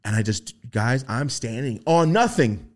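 A young man on a podcast telling a story in casual chat, swearing freely and acting out the voices he quotes. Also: unhurried. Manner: animated, swearing, acts out quoted voices in a high pitch. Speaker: podcast host.

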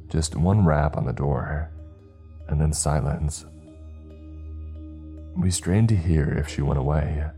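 A man reads a horror story aloud in a measured, hushed delivery. His voice is extremely deep, dark and husky. Faint music plays underneath. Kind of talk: scripted horror narration.

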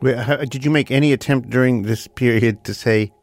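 A man's voice: mid-range voice, fairly quick, no echo. Wry male co-host asking questions.

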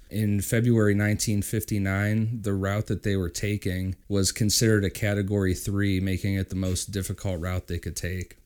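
A man's voice: on the low side, a little mellow. Laid-back man reading podcast notes. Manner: laid-back, reads notes with fillers and laughs. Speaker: podcast co-host. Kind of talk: casual chat.

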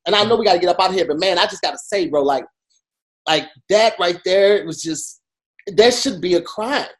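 A man co-hosting a podcast, talking in an animated, emphatic way full of fillers. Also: sits high, fairly quick. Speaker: podcast co-host. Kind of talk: casual chat.

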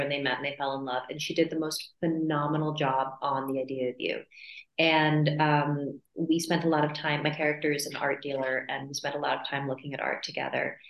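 A woman guest talks through her stories in a relaxed interview, animated and quick to laugh. Her voice sits on the low side, and the sound is roomy, with a clear echo from the space around her. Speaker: actress guest. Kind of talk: casual interview chat.

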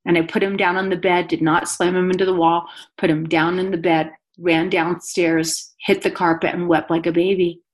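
Woman, low-pitched, earnest confessional storytelling, podcast guest. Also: flat delivery, normal speed, hardly any pauses. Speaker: guest author and speaker.

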